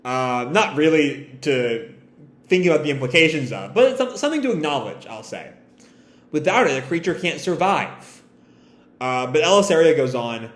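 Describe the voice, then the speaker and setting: A man's voice: a little high, very animated, normal speed. A man reacting live to a manga chapter, thinking aloud with hesitant restarts. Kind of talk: live reading and reaction commentary. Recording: echoey room.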